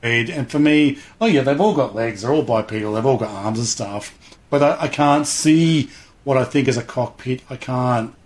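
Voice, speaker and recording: A middle-aged man in relaxed interview conversation. He rambles with enthusiasm, slipping into quick impressions of other people, and his pitch sits squarely in the middle range. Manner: rambling, enthusiastic, acts out voices. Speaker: guest, hobby show host. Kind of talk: casual interview chat.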